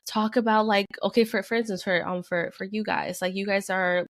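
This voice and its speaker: A woman's voice: medium pitch, fairly even intonation, a little fast, a bit bright, dry recording. A young woman co-hosting a podcast, telling a long personal story in casual chat, full of fillers. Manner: chatty storytelling, many fillers. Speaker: podcast co-host.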